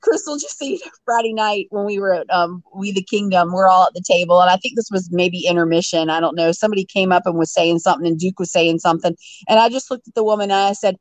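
A woman's voice: lowish voice, fast, few pauses, no room sound. A woman co-hosting a radio show, chatting casually and laughing while she tells a story. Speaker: radio co-host.

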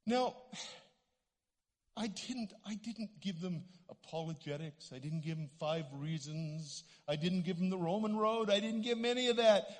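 A Canadian man preaching to a congregation, his fairly high voice rising and falling with lively swings as he tells stories and acts out the voices. He sounds middle-aged, and a long reverb from the church hall trails every phrase. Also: measured pace. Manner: animated storytelling, acts out voices. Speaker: guest preacher. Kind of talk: sermon with stories. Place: church sanctuary.

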